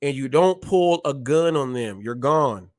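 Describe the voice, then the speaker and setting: A man hosting a live stream, talking in an animated way, often repeating himself and acting out short exchanges. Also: mid-range voice, measured pace, no room sound, clean studio sound. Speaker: show host.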